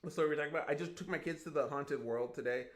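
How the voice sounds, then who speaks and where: A man's voice: a little high, racing, reverberant. A man in his thirties, a gaming streamer, telling a long rambling story in casual livestream chat, often restarting his sentences. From Idaho, USA.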